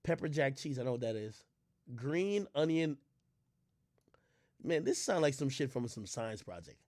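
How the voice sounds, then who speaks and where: A man streaming casual commentary, reading a menu aloud and ranting in loud, profane disbelief. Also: medium pitch, sing-song, a little slow, dry recording, clean studio sound.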